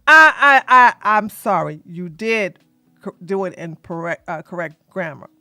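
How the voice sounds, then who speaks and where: A woman doing drama commentary in a loud, animated, sassy way, often laughing and shouting. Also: mid-range voice, unhurried, no room sound, faint music behind.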